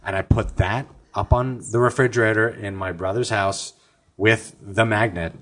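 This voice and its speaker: A man's voice: on the low side, steady tone, moderate pace, fairly bright tone. A middle-aged man, a podcast co-host, telling a long personal story in a rambling, casual way with some swearing. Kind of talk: casual chat.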